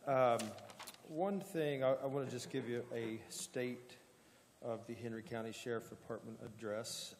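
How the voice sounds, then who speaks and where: A man serving as county sheriff, giving a plain-spoken report at a public meeting, halting often with fillers. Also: medium pitch, darkish tone, big-room sound, slight background noise.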